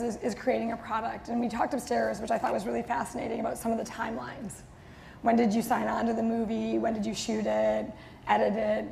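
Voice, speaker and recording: A woman's voice: fairly high pitch, creaky, a little mellow. A woman moderating a live audience Q&A, reading out questions with giggles and hesitant fillers. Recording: long reverb of a hall, faint noise.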